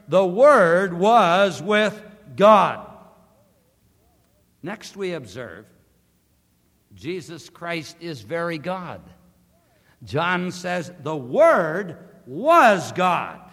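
A man preaching a sermon, emphatic and deliberate, slowing down to stress key words. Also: high-pitched, a bit bright. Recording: long hall reverb.

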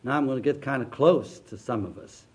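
An older man, a pastor, preaching a sermon, dropping low and quiet then rising loud with slow, drawn-out emphasis. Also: slightly rough.

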